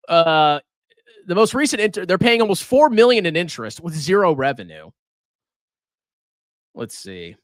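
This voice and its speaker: A man's voice: high voice, fairly bright tone, no room sound, studio quality. A man ranting sarcastically as he reviews a stock on a personal finance live stream, insulting the buyers.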